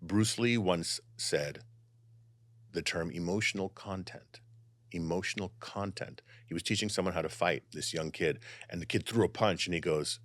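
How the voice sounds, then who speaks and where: A man who is a psychic and channeler, talking in an animated, expressive way and easing into calm guided meditation. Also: low-pitched, normal speed, dry recording. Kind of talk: casual conversation and guided meditation.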